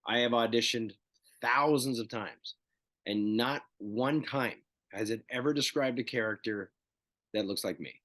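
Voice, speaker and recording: A man in his fifties, a guest actor in a casual interview, telling animated stories and acting out the dialogue. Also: medium pitch, measured pace, no echo. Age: 50s. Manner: animated storyteller who acts out dialogue.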